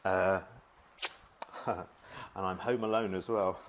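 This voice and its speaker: A man's voice: deep voice, fairly even intonation, slow pace, slight background noise. A middle-aged man chatting at home on a live video stream, reading out viewer messages in a friendly, self-deprecating way. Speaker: former shopping channel presenter.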